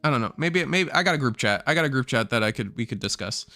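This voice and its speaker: A man's voice: medium pitch, animated, fast, pushed and bright, no room sound, soft background music. A man chatting casually on a live stream, rambling through announcements and swearing freely, sounding tired and burnt out.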